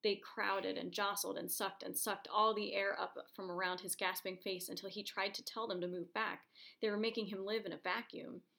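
A woman reads a story aloud in a gravelly, creaky voice. Her delivery is steady and measured, a calm storytelling tone at a middling pitch. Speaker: narrator. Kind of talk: reading a short story aloud.

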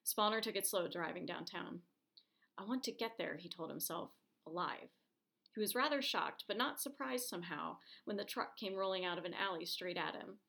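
A woman reading a short story aloud, narrating it at a steady, measured pace and voicing the characters' lines. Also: on the low side, vocal fry.

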